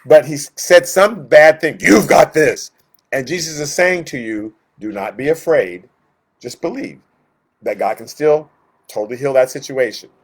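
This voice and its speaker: A man's voice: on the high side, lively intonation, moderate pace. A man leading a Bible study, teaching in a conversational way, with lots of fillers, who acts out the voices in the stories he retells.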